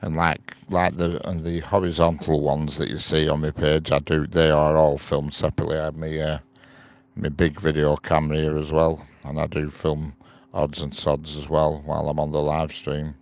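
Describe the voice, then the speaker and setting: A man's voice: a bass voice, monotone, normal speed, lo-fi sound. A man chatting casually outdoors on a railway live stream, reading viewers' comments aloud and answering them. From England. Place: outdoors beside a railway line.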